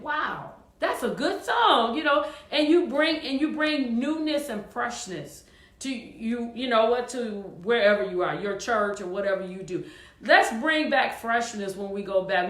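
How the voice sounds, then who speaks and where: A woman's voice: fairly high pitch, fairly bright tone, echoey room. A woman choir director hosting her show, talking casually and encouragingly to viewers, with frequent fillers.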